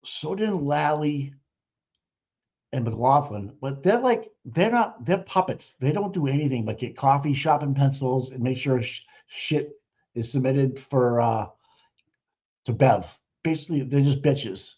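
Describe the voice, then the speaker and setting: A man's voice: medium pitch, expressive, a little slow, a little mellow, husky. Profane, mocking male livestream host. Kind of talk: live commentary over trial footage. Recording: muffled lo-fi audio.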